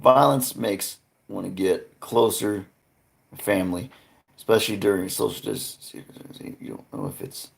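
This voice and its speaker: On his live stream, a man whose voice sits on the low side with vocal fry rambles earnestly. His speech is halting and full of restarts as he speaks to chat viewers by name.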